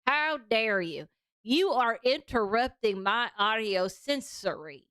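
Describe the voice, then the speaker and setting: A woman's voice: fairly high pitch, lively intonation, slow, a bit bright, clear, resonant tone, no room sound, studio quality. A woman putting on the voice of a snooty, entitled passenger, with haughty, indignant complaints. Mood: mocking indignant.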